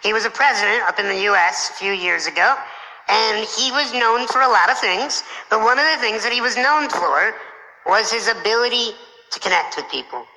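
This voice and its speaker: A man's voice: sits high, normal speed, gravelly, pushed and bright. A man giving a motivational keynote talk on stage, telling a story playfully and acting out other people's lines. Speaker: motivational speaker. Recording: long hall reverb.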